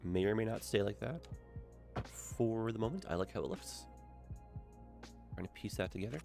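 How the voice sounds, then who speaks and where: A man with a stuffed-up nose giving casual gameplay commentary, thinking aloud in a relaxed way. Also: lowish voice, moderate pace, creaky, music in the background. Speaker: game streamer.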